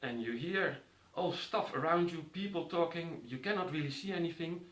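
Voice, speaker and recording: A man's voice: on the high side, normal speed, fairly bright tone. A man vividly telling a personal story to an audience, acting out the voices of others. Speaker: speaker. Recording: roomy echo.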